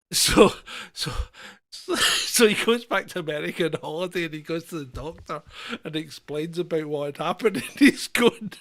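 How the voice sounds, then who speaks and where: A man's voice: on the high side, lively intonation, moderate pace, a bit bright. A man co-hosting a comedy podcast in casual chat, rambling through stories and often laughing mid-sentence. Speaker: podcast co-host.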